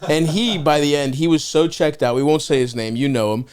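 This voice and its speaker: Higher-voiced laughing podcast host. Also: male voice, fairly quick, darkish tone. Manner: laughs often, strings of "yeah, yeah", swears freely. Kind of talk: casual chat.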